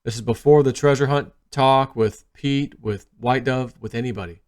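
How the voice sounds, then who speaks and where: A man's voice: medium pitch, normal speed. Rambling man telling a story. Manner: rambling, animated, often trailing off quietly. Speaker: video host. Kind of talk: casual storytelling monologue.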